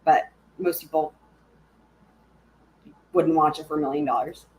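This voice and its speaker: A woman's voice: low-pitched, fairly even intonation, a little slow, a little mellow. A woman hosting a live stream, chatting casually and giggling as she answers her viewers.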